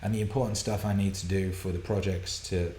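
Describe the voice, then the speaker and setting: A man hosting a live viewer Q&A broadcast from a home studio, excitable and profane, laughing and rambling as he reads out questions. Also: deep voice, fairly quick, echoey room, slight background noise. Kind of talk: casual live-stream chat, reading viewer questions.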